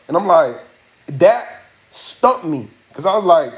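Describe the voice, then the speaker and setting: A man's voice: a little high, very animated, slow pace. A man hosting a livestream, telling a story casually and animatedly, full of profanity and acted-out quotes. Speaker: livestream host. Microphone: phone or webcam mic.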